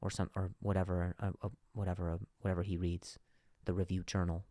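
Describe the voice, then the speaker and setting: A man's voice: deep voice, little pitch movement, a little fast, mellow, dry recording. A man hosting a comedy podcast, telling a bit with many restarts and repeated words, playing the people he describes. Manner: acts out quoted bosses and workers in shifting voices. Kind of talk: comedic monologue.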